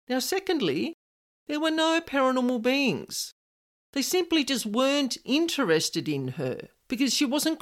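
A spiritual advisor in her fifties gives advice straight to camera, earnest, animated and conversational. Her pitch rises and falls widely as she works through each point.

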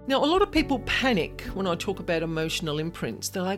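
A woman in her fifties talks through her advice in an earnest, chatty way. Her pitch swings widely as she goes, lifting and dropping through each point. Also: quick pace, hardly any pauses, faint music behind. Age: 50s. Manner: earnest, animated, conversational. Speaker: spiritual advisor. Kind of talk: direct-to-camera advice talk.

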